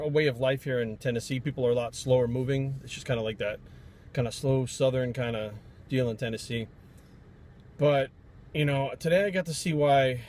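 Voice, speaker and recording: Guy from rhode island ranting on his vlog, swears constantly, talks real fast. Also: medium pitch, a little mellow, slight background noise. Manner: profane, blunt, rambling storytelling. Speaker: fitness trainer. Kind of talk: casual vlog rant.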